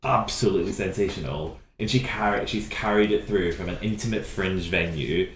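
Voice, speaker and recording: A man, co-hosting a podcast in a casual chat about musical theatre, chatty and quick to jump into high notes. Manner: chatty, animated, bursts into high sung notes. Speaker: podcast co-host. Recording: echoey room, faint background noise.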